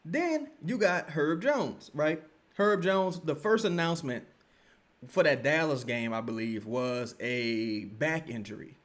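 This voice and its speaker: A young man rants through a basketball live stream, swearing freely and punching each point with "right?". His voice sits a little high. It jumps all over the place as he gets worked up. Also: a little slow. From Louisiana. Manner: animated, profane, repeats points with "right?". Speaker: sports commentary streamer.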